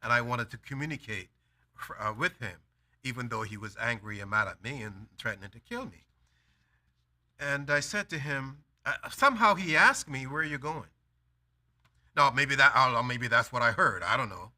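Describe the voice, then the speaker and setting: A man's voice: medium pitch, expressive, moderate pace, pushed and bright. A man preaching a sermon, telling a personal story with acted-out dialogue and building to emphatic declarations.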